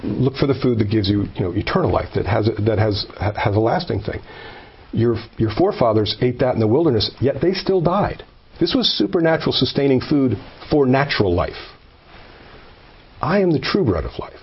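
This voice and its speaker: A man giving an informal faith testimony, earnest and emphatic, stumbling over repeated words as he builds to animated peaks. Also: medium pitch, fairly quick, husky, highs cut off. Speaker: speaker sharing a personal faith story.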